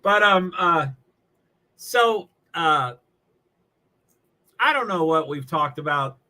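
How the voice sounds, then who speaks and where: A bright, chatty man from New England speaks slowly in a somewhat high, expressive voice. He's a live streamer chatting casually while watching a race, rambling, cutting himself off, and chuckling often.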